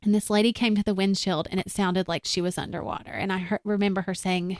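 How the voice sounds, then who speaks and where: Smooth-voiced woman telling a personal story. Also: medium pitch, flat delivery, fast, no room sound, clean studio sound. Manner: earnest, reflective storytelling with casual fillers. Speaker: interview guest. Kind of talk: personal storytelling in a conversational interview.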